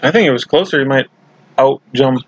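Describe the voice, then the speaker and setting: A man's voice: mid-range voice, brisk, husky, no echo, highs cut off. A man co-hosting a podcast, chatting casually about a sitcom episode and laughing now and then. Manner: relaxed, laughs often, recounts scenes. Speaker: podcast co-host. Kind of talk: casual episode recap chat.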